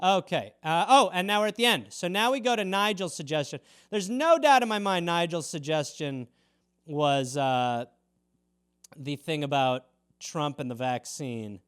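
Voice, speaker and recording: A man's voice: fairly high pitch, animated, a little slow, a bit bright, clear, resonant tone, no echo, clean studio sound. A man, hosting a casual solo show and riffing loosely on viewer suggestions in a rambling, self-mocking way. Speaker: host.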